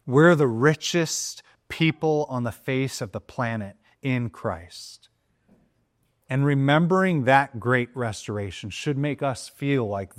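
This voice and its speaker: Man preaching a lively sermon. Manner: animated storytelling, jumps high for excited quotes. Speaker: pastor.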